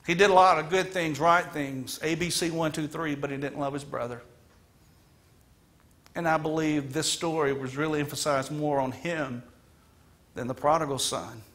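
A man's voice: a little high, fairly even intonation, moderate pace, a bit bright. A man delivering a sermon as guest minister in a church, earnest and emphatic, retelling a story dramatically. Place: church sanctuary.

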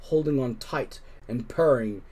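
A man reading a children's storybook aloud with gentle, expressive narration. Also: medium pitch, measured pace, breathy edge. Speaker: storybook reader. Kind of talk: children's book read-aloud.

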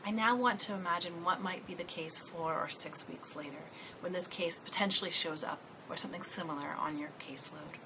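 A woman's voice: fairly low pitch, fairly quick, hardly any pauses, background noise. A woman trainer guiding listeners step by step through a case scenario. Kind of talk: training presentation.

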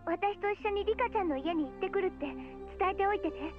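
A sweet but urgent teenage schoolgirl from an anime game. She speaks very high and fast, caring yet firm. Game music plays underneath. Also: narrow, tinny audio. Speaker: game voice actress.

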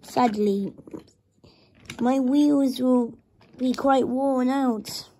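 A woman's voice: mid-range voice, steady tone, slow pace, warm tone, husky. A woman voicing a fussy, cheeky little tank engine, pert and teasing, for a storybook reading. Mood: glum.

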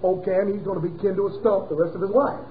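A man preaching a sermon to his congregation in a folksy, emphatic way, slowing down hard on key words. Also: high voice, fairly even intonation, crowd noise. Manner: folksy, emphatic preaching with sudden slowdowns and chuckles. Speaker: pastor. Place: church. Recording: tinny phone-like audio.

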